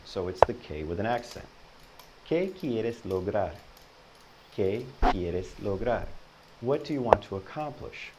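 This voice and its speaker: A man teaching a Spanish lesson, patiently explaining and repeating each example sentence slowly and encouragingly. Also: lowish voice, a little mellow, slight background noise, poor audio.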